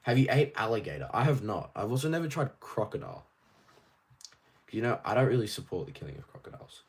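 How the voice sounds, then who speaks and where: An Australian man hosting a casual livestream, reading viewer questions aloud and rambling through his answers with quick asides. His voice sits fairly low but rises and falls a lot, which keeps it animated. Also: slightly rough. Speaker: toy collector streamer.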